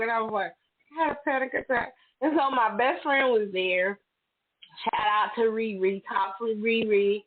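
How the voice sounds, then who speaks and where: Speaking at a moderate pace with a fairly high pitch, this middle-aged woman hosts a casual conversation. She's candid and chatty, vividly acting out her stories in her own quoted words, and the audio sounds tinny like a phone.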